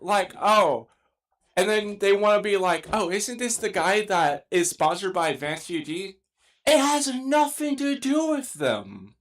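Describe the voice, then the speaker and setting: A man's voice: sits high, a bit bright. A young man ranting in exasperated, emphatic commentary, swearing now and then as he argues his point. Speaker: streamer giving commentary.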